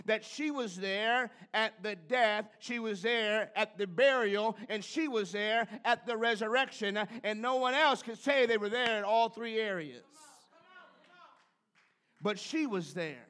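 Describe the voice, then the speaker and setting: A man's voice: high-pitched, unhurried, a bit bright. A man preaching a sermon in a church, calling out to the congregation and building in fervor. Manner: preacherly, call-and-response with the congregation. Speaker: pastor. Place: church sanctuary.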